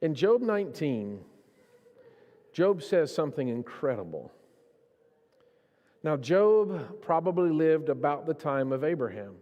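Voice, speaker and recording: A man preaching a sermon in a church, his delivery swinging between hushed, slow stretches and raised, impassioned ones. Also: fairly high pitch, big pitch swings, muffled recording. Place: church sanctuary. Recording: long reverb of a church hall.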